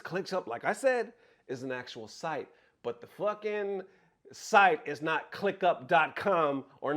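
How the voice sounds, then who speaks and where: A content creator telling a story in an animated, profane, exasperated way from his bedroom. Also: a little high. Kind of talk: casual storytelling vlog.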